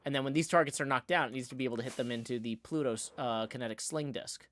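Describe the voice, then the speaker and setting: Chatting casually as he builds, a livestream host, probably in his forties, rambles with lots of fillers and laughs easily. He talks fast in a mid-range, slightly bright voice, and there's a little hiss or hum on the recording.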